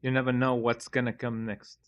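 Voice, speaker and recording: A man streaming a video game, giving relaxed, rambling commentary with joking asides. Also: medium pitch, fairly quick, a little hiss or hum. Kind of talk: casual gameplay commentary. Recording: game capture with loud music. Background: game music and sounds.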